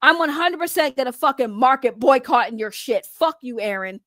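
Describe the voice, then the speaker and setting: A woman's voice: sits high, lively intonation, normal speed, fairly bright tone, no room sound, clean studio sound. A woman giving heated, profane reaction commentary as a vlogger, repeating her angry points. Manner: heated, profane, repetitive ranting.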